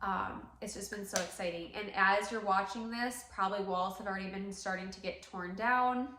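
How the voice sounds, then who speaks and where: A woman's voice: mid-range voice, normal speed, sharp tone. A woman who owns a hair salon, chatting casually to her viewers in a gushing, emotional way with lots of fillers, recorded in her salon. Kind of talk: casual vlog chat.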